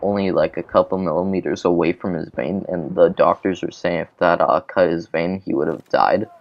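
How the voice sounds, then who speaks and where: A man's voice: deep voice, steady tone, normal speed, gravelly, dull audio. A man hosting a gaming channel, telling a childhood story in a rambling, casual way with lots of swearing and fillers. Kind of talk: casual storytelling over gameplay.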